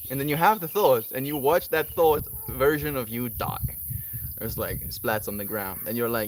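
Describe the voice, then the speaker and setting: A man chatting loosely on a livestream, his thoughts wandering as he goes. His pitch moves about in a lively way around a middle register, and he chuckles as he talks. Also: a little slow, slight background noise. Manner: laid-back, rambling, chuckling often. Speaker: livestream host. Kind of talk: casual livestream chat.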